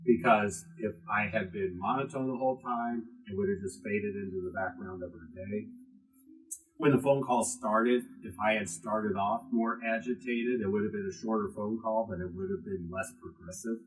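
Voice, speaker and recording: A man's voice: on the low side, normal speed, low-quality recording. A man teaching a class to a live audience, talking with strongly varied emphasis and casual asides.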